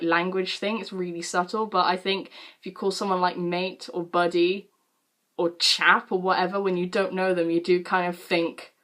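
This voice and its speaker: A British woman in her late teens telling a story to camera in a casual, animated way, with lots of fillers and casual swearing. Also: on the low side. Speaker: vlogger.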